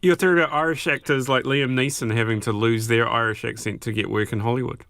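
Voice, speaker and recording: Quick joking NZ panelist, fast talker, dry close mic. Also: male voice, medium pitch, steady tone, vocal fry, fairly bright tone, dry recording. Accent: New Zealand. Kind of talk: radio panel chat. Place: radio studio.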